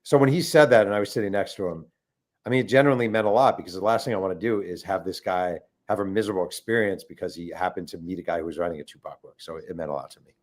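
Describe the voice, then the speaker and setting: Middle-aged male author guest, low voice, lively storyteller who acts out quotes. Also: racing. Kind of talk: casual storytelling interview.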